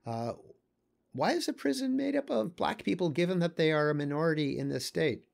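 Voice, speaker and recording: A man, teaching casually and thinking aloud as he comments on maps, pausing often with fillers and small asides. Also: fairly high pitch, expressive, vocal fry.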